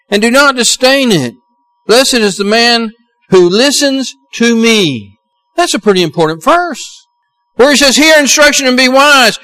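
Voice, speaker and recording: A man's voice: high-pitched, a bit bright, rough recording. A middle-aged man with a Southern US accent preaching a sermon as pastor, earnest and building to emphatic exhortations.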